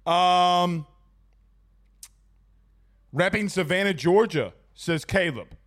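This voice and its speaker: A man with a high, fairly bright voice speaks slowly while hosting a casual live sports talk show. He reads out viewer comments in a loose, chatty way while struggling with the hiccups.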